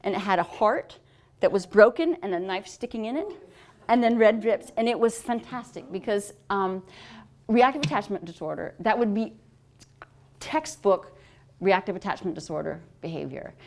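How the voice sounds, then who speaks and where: Middle-aged woman author, animated and chatty, quick to laugh. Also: mid-range voice. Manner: animated storyteller, laughs often. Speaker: author and adoptive mother. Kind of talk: casual talk answering questions.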